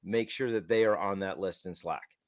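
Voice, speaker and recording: A man's voice: low voice, moderate pace, no room sound, studio quality. A man co-hosting a developer podcast, telling stories in a casual, rambling way with many restarts. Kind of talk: casual tech chat.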